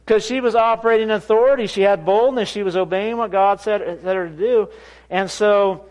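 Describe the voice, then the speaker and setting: A man's voice: sits high, a little fast. A man preaching in a church, telling a story with laughs and acted-out quotes. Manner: animated, laughing storyteller who acts out quoted voices. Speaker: pastor. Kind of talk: sermon with storytelling. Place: church sanctuary.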